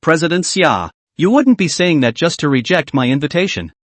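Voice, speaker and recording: A man's voice: a little high, sing-song, normal speed, no room sound. A man voicing a smug young male playboy suitor who needles and provokes. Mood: needling.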